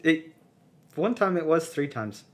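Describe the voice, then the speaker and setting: Lively, laughing young man telling stories. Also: fairly high pitch, a little slow. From southern United States. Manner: animated, laughing, self-deprecating storyteller. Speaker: podcast co-host. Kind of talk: casual chat.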